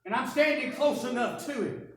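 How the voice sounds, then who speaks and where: A woman preaching a first-person dramatic sermon, telling the story in an animated, wry way. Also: high-pitched, normal speed. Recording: echoey church from a distance.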